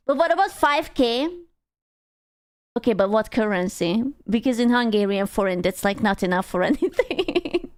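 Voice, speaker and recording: A woman's voice: a little high, very animated, normal speed. A woman streamer chatting casually with her viewers, playful, swearing freely and laughing often.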